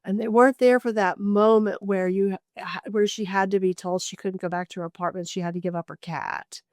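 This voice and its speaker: A woman's voice: mid-range voice, steady tone, brisk, a little mellow, dry recording, studio quality. A woman who coaches caregivers, speaking as a podcast guest in an earnest, emphatic, conversational way. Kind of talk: interview conversation.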